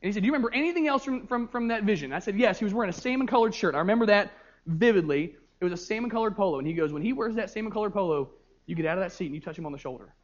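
A young man, a youth pastor, preaching a sermon and telling stories with lively energy, often repeating words as he goes. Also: high voice, rapid-fire, highs cut off. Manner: animated storytelling with frequent repeated words.

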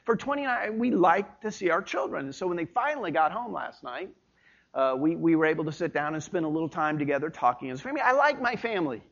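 Lively high-voiced man preaching. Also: lo-fi sound. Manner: conversational preaching with folksy asides. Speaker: pastor. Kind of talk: sermon. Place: church.

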